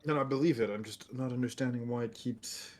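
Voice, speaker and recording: A man's voice: medium pitch, fast talker, darkish tone. A man running a tabletop game on a stream, chatting casually with dry sarcastic jokes and frequent laughter, speaking into a computer mic. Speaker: game master. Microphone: computer mic on a video stream.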